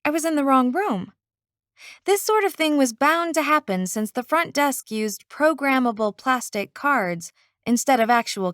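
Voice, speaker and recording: A woman narrating a first-person novel audiobook in an expressive, unhurried way. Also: sits high, no room sound, clean studio sound.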